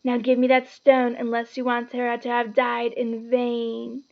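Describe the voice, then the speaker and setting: A woman voicing a cruel male dark wizard from a storybook, snarling and hissing, then screeching orders in a high, gravelly voice. The recording sounds a little muffled and lo-fi. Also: completely flat delivery, unhurried. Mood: mocking.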